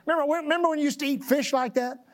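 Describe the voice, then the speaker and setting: A woman preaching a sermon, reading scripture slowly and with emphasis and calling on the congregation to repeat phrases after her. She clears her throat and coughs now and then. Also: high voice, fairly even intonation.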